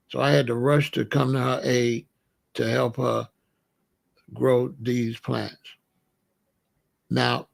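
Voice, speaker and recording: A middle-aged man talking casually and giving life advice, animated and conversational, with frequent restarts. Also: mid-range voice, creaky. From Chicago area. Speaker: vegan lifestyle host.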